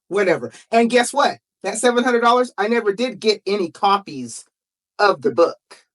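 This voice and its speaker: A woman from Salt Lake City, a guest author telling a personal story in a lively, emphatic way. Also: medium pitch. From Salt Lake City, Utah. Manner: lively, emphatic, quick to act out quotes.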